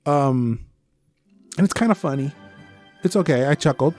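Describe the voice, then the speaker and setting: Profane, animated man reviewing movies. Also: on the high side, normal speed, soft background music. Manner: animated, profane, acts out his own reactions, mixes in Spanish slang. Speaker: podcast co-host. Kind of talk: casual movie review chat.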